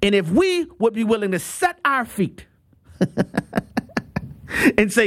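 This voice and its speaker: A man with a high voice preaches with emphasis, often repeating himself as he restarts a thought. He delivers a radio sermon with an appeal for donations. The sound is dry and close. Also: very animated, slow pace, long pauses, a bit bright, dry recording.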